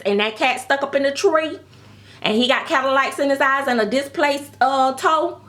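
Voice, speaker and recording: A woman's voice: sits high, normal speed. A woman vlogger in a casual, chatty rant, telling stories with laughs and calling listeners baby. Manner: animated storytelling with frequent laughs and pet names like baby. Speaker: reborn doll vlogger.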